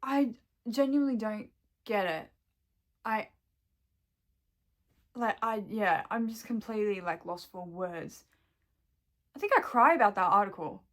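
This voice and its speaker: A woman's voice: medium pitch, lively intonation, measured pace, pauses often. A woman venting to camera in a rambling, upset way, full of fillers and swearing. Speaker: vlogger. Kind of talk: casual emotional vent to camera.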